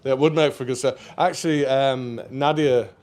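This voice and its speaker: Male brewery co-host, mid-pitched, loose and chatty delivery full of fillers. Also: steady tone, a little fast, darkish tone. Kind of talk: casual live stream chat. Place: brewery taproom.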